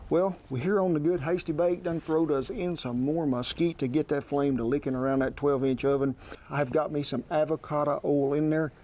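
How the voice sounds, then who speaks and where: A man's voice: on the high side, steady tone, moderate pace, dull audio. A man hosting a cooking show, talking folksy and homespun while he demonstrates outdoors. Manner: homespun, colloquial, chatty.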